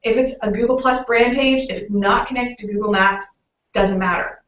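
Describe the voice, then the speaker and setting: A woman's voice: a little high, moderate pace, a bit bright. Canadian woman giving a casual webinar talk. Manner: casual, explanatory, many "um"s and "you know"s. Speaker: local SEO consultant presenting a webinar. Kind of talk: webinar presentation. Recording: roomy, distant, muffled webinar audio.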